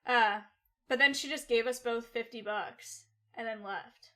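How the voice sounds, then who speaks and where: A woman's voice: fairly high pitch, a little slow, a bit bright. A young adult woman livestreaming, telling a personal story to her chat in a rambling, casual way, with lots of "like" and swearing. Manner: rambling, loose and swearing, full of "like".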